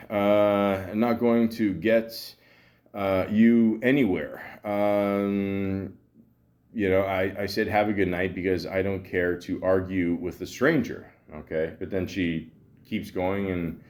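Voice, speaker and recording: A man's voice: deep voice, darkish tone. A man hosting a podcast, telling a story in a casual, rambling monologue full of fillers, stammers and sarcastic asides. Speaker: podcast host.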